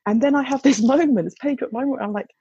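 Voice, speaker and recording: A woman's voice: high-pitched, fast talker, dark tone, husky, dry recording, lo-fi sound. A woman, a mother, telling a candid, chatty anecdote with some swearing and restarts. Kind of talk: casual anecdote.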